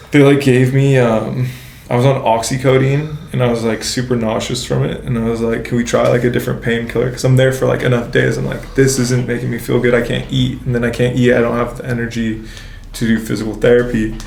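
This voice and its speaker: A man's voice: mid-range voice, creaky, a little mellow, a little hiss or hum. A young man telling a story in casual chat, slangy, swearing a lot and filling his speech with "like". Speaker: guest. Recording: echoey room.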